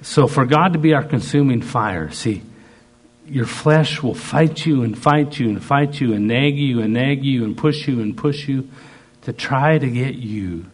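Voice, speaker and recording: A man preaching a sermon, slow and emphatic, piling up repeated phrases. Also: mid-range voice.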